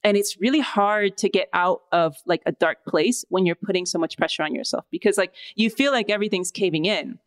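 A woman's voice: mid-range voice, brisk, few pauses, no room sound. A woman co-hosting a podcast, talking in a reflective, thoughtful way in casual conversation. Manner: reflective, thoughtful, uses many fillers. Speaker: podcast co-host. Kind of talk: casual chat.

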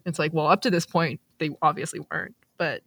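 A woman's voice: deep voice, steady tone, a little fast, creaky, fairly bright tone, no echo, clean studio sound. Thoughtful woman podcast guest. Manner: thoughtful, lots of "like" fillers. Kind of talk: casual podcast chat.

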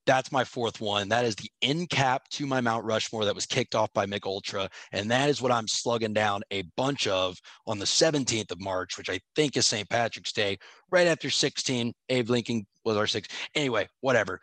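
A man's voice: lowish voice, moderate pace, a bit bright, dry recording. Jokey man bantering on a dry mic. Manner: jokey, playful, bro-ish banter. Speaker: podcast co-host. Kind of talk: casual chat.

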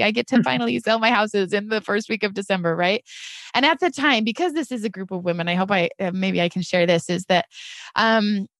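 A woman's voice: mid-range voice, a bit bright, no room sound, studio quality. A middle-aged woman telling her story as a podcast guest, earnest and emotional, often addressing listeners as "you guys". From United States.

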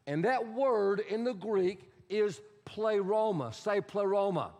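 High-voiced pastor preaching in a reverberant hall. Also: male voice, expressive, takes it slowly, a little mellow. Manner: emphatic, repetitive teaching with audience prompts. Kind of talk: sermon. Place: church sanctuary.

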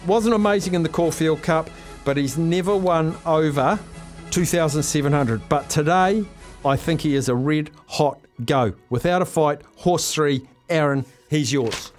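A man hosting a phone-in radio segment, upbeat and excitable as he rattles off racing form. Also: on the high side, a little slow, faint music behind. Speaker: radio host.

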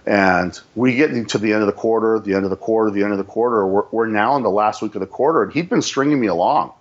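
A man's voice: fairly low pitch, quick pace, slightly rough, muffled recording. A man, a sales manager, telling a story in a casual, emphatic way and repeating phrases for effect.

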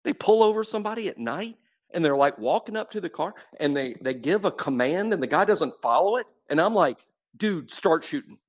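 A man's voice: a little high, animated, fairly quick. A man, co-hosting a casual sports talk show, talking emphatically and repeating himself. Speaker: co-host.

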